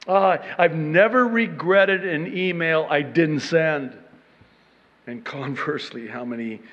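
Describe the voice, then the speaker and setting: A man preaching a sermon on proverbs, animated and self-deprecating, often restarting his sentences. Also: on the high side, in a large hall, dull audio. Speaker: pastor.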